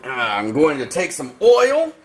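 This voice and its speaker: Male cooking host, high voice, laid-back folksy demo delivery. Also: slow pace. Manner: relaxed, folksy, talks viewers through each step. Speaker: host of a barbecue cooking channel. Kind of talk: casual cooking demonstration.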